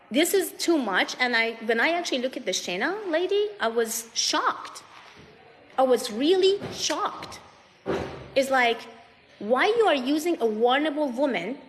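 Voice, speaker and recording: A woman's voice: on the high side, animated, a bit bright. Emphatic woman on a live stream, echoey. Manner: emphatic, repetitive, fast-shifting emphasis. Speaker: guest answering questions. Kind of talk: emotional live-stream account. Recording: long reverb, faint noise.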